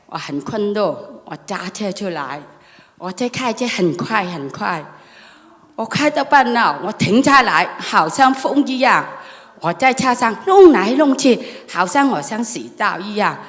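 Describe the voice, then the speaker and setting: A woman's voice: mid-range voice, lively intonation, measured pace. A woman in a meditation class asking her teacher a question, recounting a personal experience in a rambling, repetitive way. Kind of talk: emotional personal account. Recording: long hall reverb.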